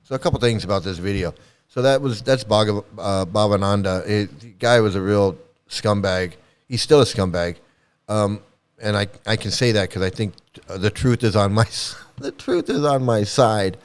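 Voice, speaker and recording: A man's voice: lowish voice, normal speed, clean tone. A man giving a rambling, blunt commentary in casual monologue, swearing freely and restarting his sentences often. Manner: rambling, blunt, profane, many restarts and fillers. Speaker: ex-cult commentator.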